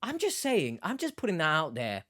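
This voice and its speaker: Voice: mid-range voice, wildly swooping pitch, a little fast, a bit bright, no echo, studio quality. A commentator giving blunt, exasperated reaction commentary, lecturing the viewer.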